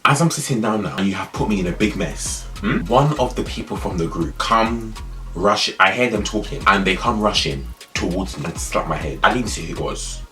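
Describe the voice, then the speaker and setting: Young guy, super deep voice, talks fast and animated, repeats stuff for emphasis. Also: faint music behind. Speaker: vlogger telling a story. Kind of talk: casual storytime monologue.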